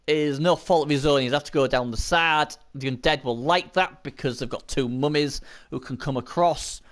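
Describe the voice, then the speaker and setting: A man giving casual, chatty live commentary on a video game match, bursting into shouts at big plays and swearing now and then. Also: fairly high pitch.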